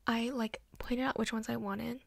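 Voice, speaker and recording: A young woman with a breathy, half-whispered voice, rambling chattily through a soft-spoken ASMR story with lots of "like". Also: fairly high pitch, flat delivery, moderate pace, no room sound. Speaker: ASMR creator.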